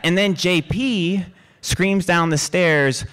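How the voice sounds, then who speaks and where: A man telling a true personal story live on stage in a lively way. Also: on the high side, slow, clean tone. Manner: lively, acts out quoted voices. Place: live stage before an audience.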